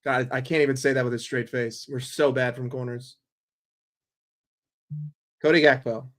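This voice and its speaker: Excitable, foul-mouthed New man. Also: mid-range voice, normal speed. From New York. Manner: profane, sarcastic and excitable, swinging from grumbling to yelling. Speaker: streamer hosting a football watchalong. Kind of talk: live football commentary.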